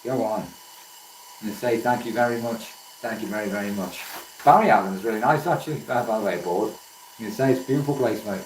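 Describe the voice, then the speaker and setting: Casual livestream host: man with a lowish voice, laid-back and chatty, heard a bit off-mic in a roomy space. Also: quick pace, a little hiss or hum. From Wales. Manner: easygoing, chatty, keeps calling viewers mate. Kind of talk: casual live-stream chat with viewers. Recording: roomy echo, voice from a distance.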